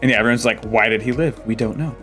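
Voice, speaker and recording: A man's voice: mid-range voice, quick pace, fairly bright tone, faint music behind. A man hosting a casual book club chat, summarizing chapters and reading passages aloud, with frequent ums and likes. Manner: chatty, reads quotes aloud with playful voices, frequent ums.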